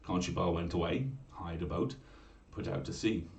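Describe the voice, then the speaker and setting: A man reading a fairy tale aloud at home in a measured, old-fashioned style for a bedtime story stream. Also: low-pitched, steady tone, gravelly, echoey room, distant mic.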